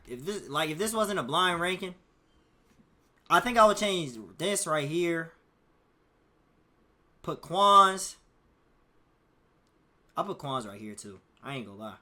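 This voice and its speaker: Bright high-voiced man streaming. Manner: loose, profane, slang-heavy and rambling. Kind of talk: casual stream commentary. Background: faint music playing.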